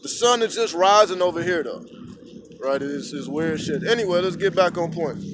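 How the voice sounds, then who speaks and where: Outdoors at sunrise with a noisy background, a vlogger with a fairly high voice speaks at normal speed to a phone camera at arm's length. His casual monologue rambles along, animated and laced with swearing as he tells stories.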